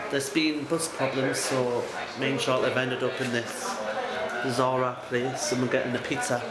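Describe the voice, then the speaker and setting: A man's voice: medium pitch, level tone, normal speed, over a noisy crowd, rough recording. A young man from the UK chatting casually to viewers in a jokey vlog, outdoors at night. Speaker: vlogger. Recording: loud outdoor background noise. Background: traffic and outdoor noise.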